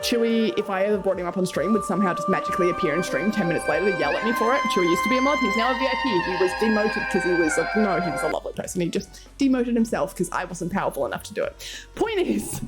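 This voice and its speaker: A young Australian woman streaming, chatting casually with her viewers and reading chat aloud, laughing often. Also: medium pitch. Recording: faint music behind.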